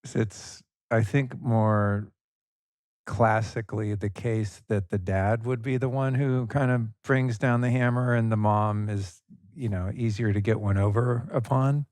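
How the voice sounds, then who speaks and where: A man hosting a podcast interview who asks questions in a relaxed, thoughtful way. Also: fairly low pitch, measured pace, no room sound. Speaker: podcast host. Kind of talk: casual interview.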